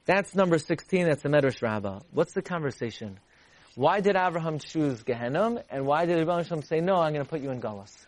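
A man giving a Torah class, animated and repeating lines for emphasis. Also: fast. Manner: animated, repeats for emphasis, rises high to act out voices. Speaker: Torah teacher.

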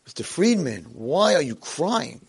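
Cheerful old gentleman, kindly and coaxing, voice lifted a little above normal, played by a male speaker. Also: fairly high pitch, big pitch swings, unhurried, vocal fry, slightly rough, pitched above the performer's own voice, heavily acted.

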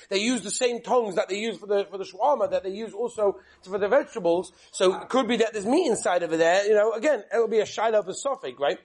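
An animated man with a high voice leads a class, speaking with a lilt. He keeps it lively, tossing in anecdotes and questions to his students. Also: husky. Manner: animated, storytelling, drops into whispered quotes. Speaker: rabbi teaching a class. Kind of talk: lively lecture on Jewish law with stories.

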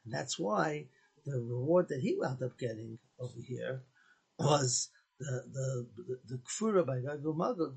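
Rabbi, male, earnest storyteller with a rough, gravelly edge; mixes in Hebrew and Yiddish terms. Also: on the high side, rough recording. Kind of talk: Torah talk with a story.

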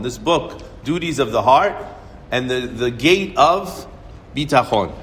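Man telling a Torah story in a hall. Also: medium pitch. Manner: animated storyteller acting out dialogue. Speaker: Torah teacher. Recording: reverberant hall, faint ambient noise.

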